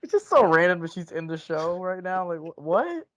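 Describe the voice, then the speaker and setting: A man's voice: high-pitched, very animated, moderate pace, a bit bright. A man co-hosting a casual podcast, laughing along and adding short comments about a TV episode. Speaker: podcast co-host. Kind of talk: casual TV recap chat.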